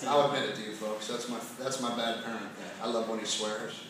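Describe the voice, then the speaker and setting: A man's voice: lowish voice, fairly even intonation, brisk. Man doing stand-up, wry storyteller, faint distant sound, heavy echo, noisy audience recording. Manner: wry, self-mocking storytelling. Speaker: stand-up comedian. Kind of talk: stand-up routine. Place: large casino showroom. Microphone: handheld stage mic, recorded by a phone in the audience.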